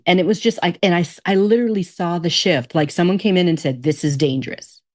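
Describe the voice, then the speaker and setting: Lady guest rattling off a story fast, lower voice, repeats stuff. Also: darkish tone. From Alaska. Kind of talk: casual conversation.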